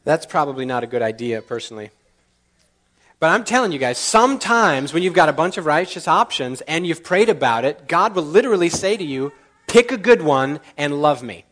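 A man preaching a sermon, telling personal stories with animated acted-out dialogue and laughing at his own jokes. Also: a little high, a little fast. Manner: animated, acts out dialogue in lively voices. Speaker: pastor. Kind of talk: storytelling sermon.

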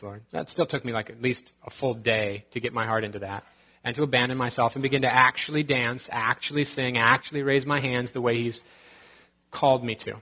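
A male pastor preaching in a relaxed, conversational way. His voice sits at an ordinary middle pitch. He slips in joking asides now and then. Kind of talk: sermon.

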